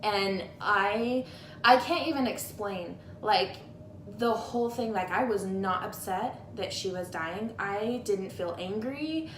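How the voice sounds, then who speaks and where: A guest friend talks casually and candidly about grief, rambling and saying "like" constantly. Her mid-range voice is slow and a bit bright, captured on a tablet camera in an echoey room with slight background noise.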